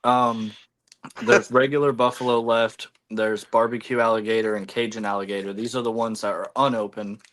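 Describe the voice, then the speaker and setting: Man, stream host, low-ish voice, rambling filler-heavy delivery, talking while eating. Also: little pitch movement, moderate pace, a bit bright. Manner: chewing food while talking. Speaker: livestream host. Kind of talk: casual livestream chat.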